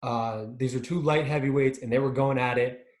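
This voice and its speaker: A man's voice: mid-range voice, fairly even intonation, moderate pace. A man co-hosting a sports podcast in a casual chat. He keeps checking in with "right?" and hesitates over his words. His voice rings in a roomy, echoey recording. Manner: chatty, leans on tag questions, hesitant with fillers. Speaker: podcast co-host.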